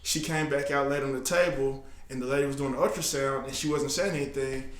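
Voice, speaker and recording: A man telling a story in casual chat, speaking haltingly with fillers and restarts. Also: mid-range voice, fairly even intonation. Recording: echoey room.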